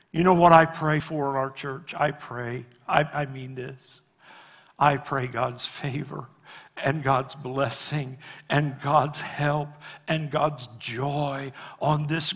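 A male pastor preaching a sermon, swinging between loud emphatic climbs and quiet, low endings. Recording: long reverb of a large hall.

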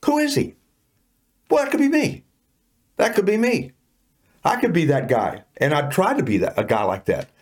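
A man's voice: high-pitched, very animated, moderate pace, long pauses, darkish tone. A man co-hosting a casual Bible study discussion, talking in an emphatic, preachy and colloquial way.

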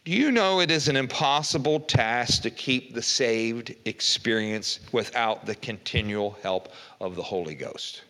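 A man's voice: mid-range voice, unhurried, few pauses, bright, forceful tone. An older man preaching a folksy evening sermon, reading scripture aloud and asking rhetorical questions. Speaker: pastor.

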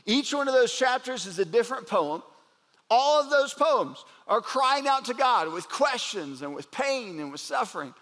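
A man preaching a sermon as a pastor, earnest and slowing down to stress points. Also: very high-pitched, big pitch swings, a bit bright, big-room sound. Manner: earnest preaching, slows down for emphasis.

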